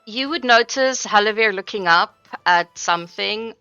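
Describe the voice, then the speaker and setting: A woman game master narrates a tabletop game in a relaxed way, full of fillers. Her voice is bright and gravelly and sits a little low. The mic sounds dull, dry and lo-fi. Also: moderate pace, dry recording, soft background music.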